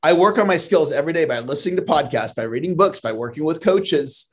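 A man's voice: on the high side, expressive, quick pace. A man speaking as a sales trainer in a podcast interview, earnest and motivational, often repeating a word as he starts a thought.

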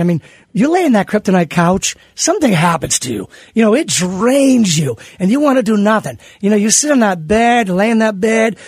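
High, husky-voiced man, animated talker. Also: no room sound, clean studio sound. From United States. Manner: animated, emphatic, repeats words when restarting. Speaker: teacher and author, guest. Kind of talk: radio interview guest, casual chat.

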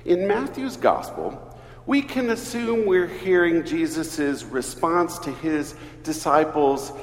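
A man, an Episcopal priest, preaching a sermon in an earnest, measured way. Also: fairly high pitch. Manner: slow, earnest preaching with lively emphasis. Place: church. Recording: echoey church hall, distant mic.

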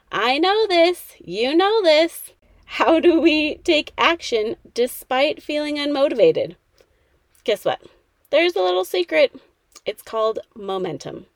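A woman's voice: on the high side, dry recording. A woman in her thirties hosting a motivational podcast, talking in a peppy, chatty way straight to the listener. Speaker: podcast host.

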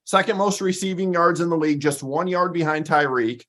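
A man's voice: a little high, brisk, a bit bright. A man co-hosting a sports show, reeling off stats in an upbeat, jokey way. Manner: stat-heavy, upbeat, jokey. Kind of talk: casual sports talk.

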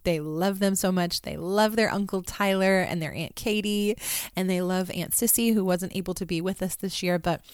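A woman's voice: lowish voice, steady tone, moderate pace, smooth, no echo, clean studio sound. A woman in her thirties, a mother, talking earnestly and reflectively in a conversational way, with many ums and restarts. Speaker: mother telling a family story. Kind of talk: reflective personal talk.

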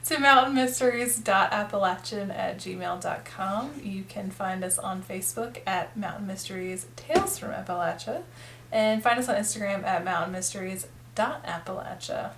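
A woman's voice: mid-range voice, normal speed, fairly bright tone, a little hiss or hum. Easygoing Southern woman co-host. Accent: faint Southern US. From North Carolina. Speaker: podcast co-host. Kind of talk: casual chat.

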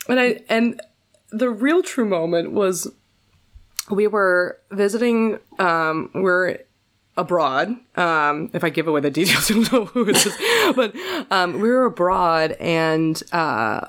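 A woman telling a painful personal story in a casual podcast chat, with many fillers and restarts. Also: slow. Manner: jumps to a much higher, more animated voice when quoting people.

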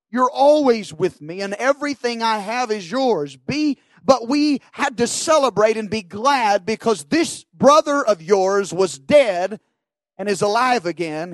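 High voiced guy preaching, earnest, repeats himself a lot, dry close sound. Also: dry recording, low-quality recording. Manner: earnest, repeats words when stirred, reads scripture aloud. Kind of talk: sermon.

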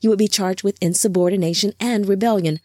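A woman voicing a stern, cautious male angel leader who speaks firmly and in measured tones, in a storybook reading. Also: medium pitch, fairly even intonation, a little mellow, no echo, natural voice.

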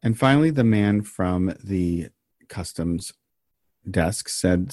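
Dry-voiced man joking deadpan. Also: sits low, slow pace, no echo. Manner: deadpan joking, meandering with frequent ums. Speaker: podcast co-host telling the story. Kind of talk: casual banter and storytelling.

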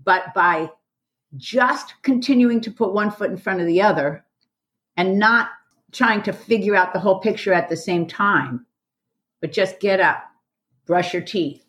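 A woman who teaches karate, hosting a casual group conversation on a podcast, enthusiastic and quick to laugh. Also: mid-range voice, fairly bright tone. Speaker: karate instructor and podcast host.

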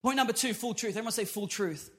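A man preaching an energetic sermon as pastor, emphatic and punchy, calling out to his congregation. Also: sits high, fast.

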